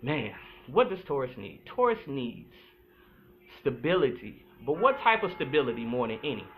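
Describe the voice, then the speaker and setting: Animated man on a tinny line. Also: medium pitch, a little hiss or hum. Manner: animated, chatty, playful, drawls some words slowly. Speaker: podcast host, astrologer. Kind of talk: casual solo talk. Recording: tinny phone-like sound with faint music.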